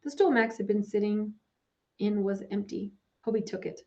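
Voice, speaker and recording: A woman narrates a story in a measured, storytelling manner. Her voice is mid-pitched. The recording is a little dull and lo-fi. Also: darkish tone. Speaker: audiobook narrator. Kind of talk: scripted narration.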